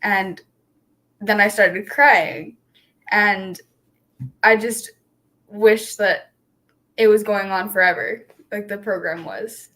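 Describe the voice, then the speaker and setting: A woman's voice: medium pitch, fairly even intonation, takes it slowly, pauses often, a bit bright. A young woman, a youth program participant, speaking hesitantly with many fillers. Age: young adult. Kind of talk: casual emotional testimony.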